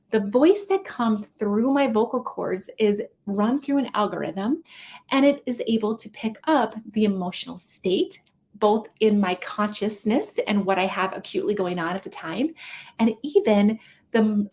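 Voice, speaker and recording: A woman's voice: medium pitch, darkish tone. Chatty, enthusiastic woman teaching. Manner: chatty, enthusiastic, checks in with listeners often. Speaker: host and coach. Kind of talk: casual teaching to an audience.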